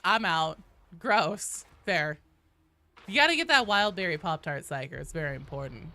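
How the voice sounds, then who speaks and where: A woman's voice: on the low side, lively intonation, normal speed, sharp tone, dry recording. A woman streaming a game, chatting casually with her viewers, playful and swearing, reading the chat aloud. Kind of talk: casual live-stream chat while gaming.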